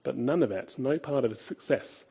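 A man preaching a sermon, emphatic, asking rhetorical questions and swinging between loud and quiet. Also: medium pitch, animated, moderate pace, husky, lo-fi sound.

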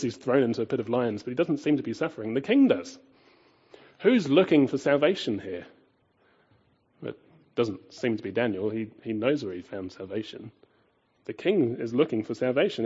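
A man preaching a sermon, emphatic, asking rhetorical questions and swinging between loud and quiet. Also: medium pitch, husky, muffled recording.

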